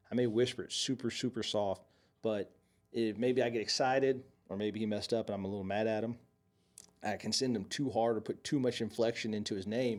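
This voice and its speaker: A man's voice: lowish voice, a little mellow. A man co-hosting a podcast, telling stories in casual chat with many restarts. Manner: rambling, many restarts, tells stories animatedly. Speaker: podcast co-host.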